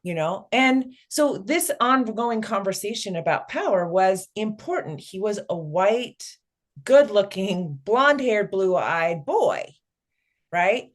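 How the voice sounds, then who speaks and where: A woman's voice: medium pitch, lively intonation, slow pace. A middle-aged woman, a guest on an interview podcast, telling a family story and acting out the dialogue.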